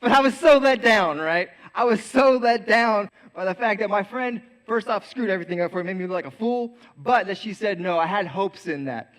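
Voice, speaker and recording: A young man with a fairly high voice preaches to a youth group in a casual, joking way. He tells a story from his school days and acts out each person in it. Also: lively intonation, brisk, few pauses, a bit bright. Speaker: youth pastor. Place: church youth service before an audience.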